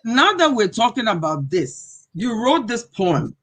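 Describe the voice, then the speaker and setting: A woman's voice: a little high, sing-song, a little slow, fairly bright tone, breathy edge. A woman hosting a talk show, encouraging her guest with frequent affirmations. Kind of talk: interview conversation.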